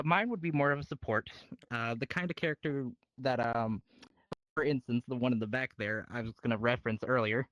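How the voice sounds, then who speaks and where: A man's voice: medium pitch, fairly bright tone, dry recording, rough recording. A man auditioning for a roleplay, answering questions casually with many fillers and restarts.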